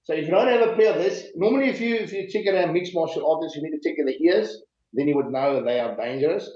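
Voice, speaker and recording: A man's voice: a little high, fast, darkish tone. A man with a South African accent, a slap fighter as an interview guest, talking bluntly and joking over a video call. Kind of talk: casual interview. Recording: echoey dull video call audio.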